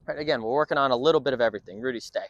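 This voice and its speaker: A man's voice: medium pitch, rapid-fire, no echo, highs cut off. A man working as a dog trainer, explaining his training session in an upbeat way between short firm commands to a dog.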